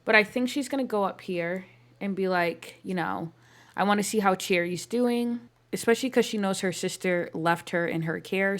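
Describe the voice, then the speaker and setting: A woman giving casual, rambling commentary on a life-sim playthrough, with lots of fillers and playfully exasperated asides to her characters. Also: medium pitch. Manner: chatty, rambling, filler-heavy with frequent "um" and "like". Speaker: game streamer narrating a life-sim playthrough.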